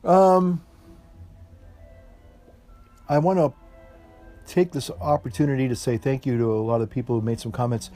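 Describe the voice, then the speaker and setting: A man's voice: mid-range voice, steady tone, moderate pace, pauses often, mellow. A man chatting casually to camera outdoors in the evening, smoking a pipe and rambling with many fillers and restarts. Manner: folksy, says "y'all". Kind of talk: relaxed casual chat to camera. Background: classical music playing faintly.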